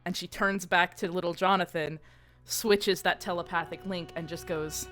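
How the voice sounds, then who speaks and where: A woman's voice: lowish voice, fairly even intonation, normal speed, faint music behind. Woman player in a tabletop game. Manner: casual, chatty, voicing her character's quiet lines. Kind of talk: playing a tabletop game online.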